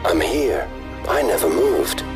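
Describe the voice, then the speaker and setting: A man voicing a country personified as a calm, solemn figure, speaking in a measured way in advertisement dialogue. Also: deep voice. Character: the country Lebanon personified as a deep, steady man. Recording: distant voice over music.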